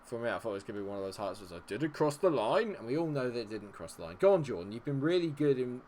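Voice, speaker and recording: A gaming streamer with a sing-song, mid-range voice races through live commentary on his own football management game, chatting with viewers. He swings from chatty to swearing in frustration, yelling at his players, over a slight hiss or hum.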